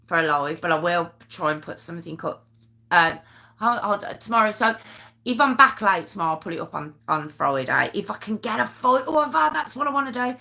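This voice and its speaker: Nervous rambling woman, bright voice. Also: mid-range voice, creaky. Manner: nervous, rambling, self-deprecating, stammers and restarts. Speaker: YouTube true crime host. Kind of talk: casual live-stream chat with viewers.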